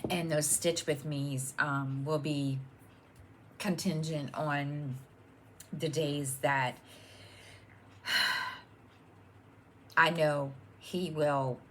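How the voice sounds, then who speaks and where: A woman's voice: low-pitched, fairly even intonation, drawn-out words, long pauses, a bit bright, a little hiss or hum. A middle-aged woman chatting casually at home as host of her own stitching channel, rambling with many ums and restarts. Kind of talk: casual chat to camera.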